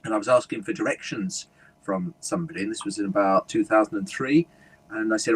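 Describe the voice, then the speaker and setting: Dry, teasing man with a husky voice. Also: fairly low pitch, expressive, fast talker, rough recording. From London. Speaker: guest humorist and speaker. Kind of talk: conversational interview storytelling.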